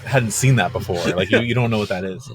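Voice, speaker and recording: A man's voice: lowish voice, fast, slight background noise. A young man co-hosting a comedy podcast, laid-back and teasing as he riffs. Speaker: podcast co-host. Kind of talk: casual comedic chat.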